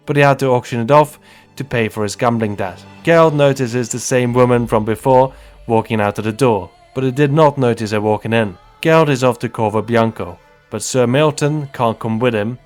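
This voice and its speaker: A man's voice: medium pitch, normal speed, faint music behind. Wry man narrating a game story. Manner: wry, joking asides. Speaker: YouTube narrator. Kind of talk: humorous video game story recap.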